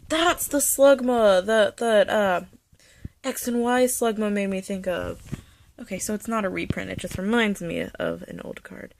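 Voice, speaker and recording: A young woman chatting casually about her collection, nostalgic and rambling, sometimes dropping to a soft whisper. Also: medium pitch, unhurried, gravelly, slight background noise. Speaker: vlogger showing a card collection. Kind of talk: casual chat. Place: bedroom.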